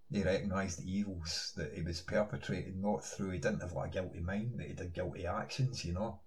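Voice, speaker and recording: A man's voice: deep voice, a little mellow, poor audio. A man in a ranting online monologue, insistent, firing rhetorical questions and filling gaps with "you know". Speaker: online commentator.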